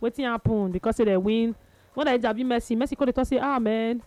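A Nigerian woman hosts a casual chat show, telling stories playfully. Her voice sits a little high. It sounds dry and close to the mic. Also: racing, no echo, faint music behind. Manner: lively, laughing, playful storytelling. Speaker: radio show host.

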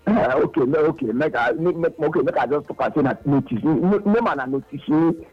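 Nigerian male caller, emphatic and repetitive, husky voice, muffled lo-fi line. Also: a little high, brisk. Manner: emphatic, repeats himself, mixes Pidgin with English. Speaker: radio caller. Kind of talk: phone-in call to a sports radio show. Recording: dull lo-fi phone line with faint music.

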